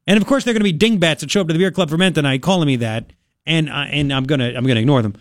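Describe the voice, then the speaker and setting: A man's voice: a little high, racing, no room sound. A man hosting a talk radio show, ranting bluntly and with exasperation in studio commentary.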